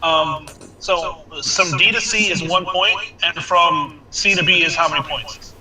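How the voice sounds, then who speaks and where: A man's voice: fairly high pitch, a little slow, bright, forceful tone. A young man playing in a tabletop game over voice chat, carefully asking rule questions. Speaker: player. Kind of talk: casual chat. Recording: echoey, distant, noisy mic.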